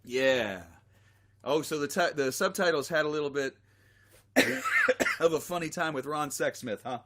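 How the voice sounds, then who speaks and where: A man's voice: on the high side, lively intonation, measured pace. A man with a tickle in his throat, chatting casually between songs as a singer-songwriter on a livestream. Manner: chatty, rambling, self-deprecating. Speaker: singer-songwriter streaming a live show. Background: guitar music.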